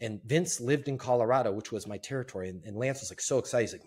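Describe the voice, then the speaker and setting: A man who is a podcast guest, telling a sales story in an animated way and acting out the quotes. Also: medium pitch, fast talker, hardly any pauses. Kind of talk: storytelling interview.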